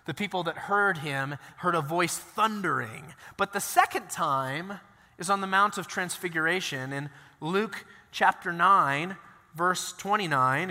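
High, bright-voiced male pastor preaching. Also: big-room sound. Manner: conversational, animated storytelling with asides. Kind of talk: sermon.

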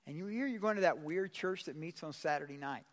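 Preacher doing a sneering, high-voiced friend; slangy, echoing hall. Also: male voice, fairly quick, close to an everyday voice. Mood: mocking. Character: mocking male friend teasing a churchgoer. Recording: long hall reverb.

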